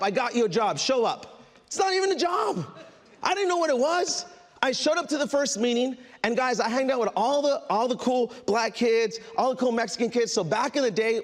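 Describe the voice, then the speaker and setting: A man giving an energetic motivational speech at a business meeting, telling stories and calling out to the crowd as "guys". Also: very high-pitched. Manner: animated storytelling, addresses crowd as "guys", acts out quotes. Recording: reverberant hall.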